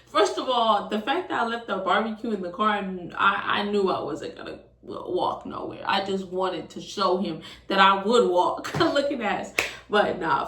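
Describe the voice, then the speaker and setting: A young woman in her twenties telling a storytime, casual and animated, swearing often. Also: mid-range voice. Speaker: vlogger. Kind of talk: storytime vlog. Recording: roomy, distant from the mic.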